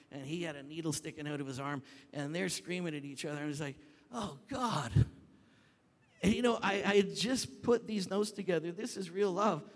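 Pastor preaching in a reverberant hall. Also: male voice, on the high side. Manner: animated storytelling, rising to shouts when reenacting. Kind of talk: sermon. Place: church sanctuary. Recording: long reverb of a large hall.

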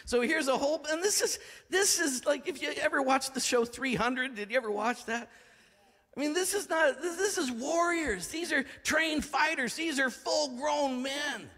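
High-voiced preacher in a reverberant hall. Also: male voice, lively intonation, moderate pace. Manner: dramatic, swings from shouting to hushed. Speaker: pastor. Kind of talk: sermon.

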